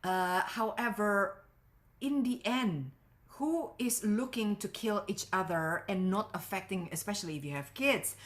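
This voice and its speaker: A middle-aged woman relationship coach giving earnest, expressive advice as an interview guest, her pitch swinging up for emphasis. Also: a little slow.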